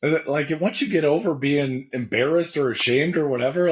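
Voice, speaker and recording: A man in his forties, a former pro football player and podcast guest, telling lively, candid stories in casual conversation. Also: fairly high pitch, fairly quick. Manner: energetic, candid, animated retelling. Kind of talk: conversational storytelling.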